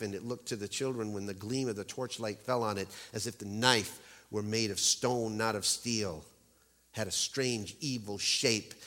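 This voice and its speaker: A man's voice: medium pitch, bright, forceful tone, big-room sound. A man preaching a sermon in a church, telling a story dramatically and stressing key words.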